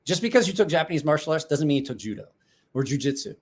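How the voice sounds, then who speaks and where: A man's voice: fairly high pitch, big pitch swings, fast talker, breathy edge. A man hosting a casual livestream, chatting and rambling with frequent restarts and asides. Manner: rambling, self-correcting, chatty. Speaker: livestream host.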